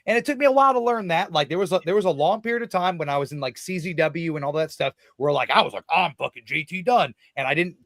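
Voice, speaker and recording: Male guest in his 30s, animated and profane, slightly high voice, dry close studio sound. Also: fast talker, hardly any pauses, dry recording. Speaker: professional wrestler guest. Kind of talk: podcast interview, casual profane storytelling.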